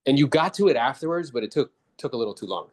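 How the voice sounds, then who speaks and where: A man's voice: medium pitch, expressive, fast, darkish tone. A man coaching a real estate agent after a role-play, blunt and casual, calling him bro. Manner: briefly mimics others in exaggerated voices.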